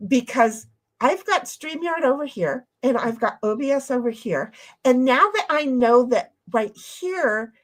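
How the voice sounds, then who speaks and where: A woman's voice: high voice, expressive, unhurried. A woman co-hosting a casual livestream chat, blunt, profane and playful. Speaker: stream co-host.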